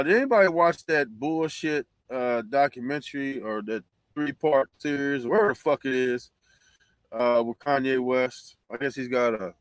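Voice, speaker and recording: A man's voice: medium pitch, clean tone, dry recording. A man hosting a livestream, ranting profanely and heatedly, repeating himself. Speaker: livestream host reading chat. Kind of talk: casual livestream rant.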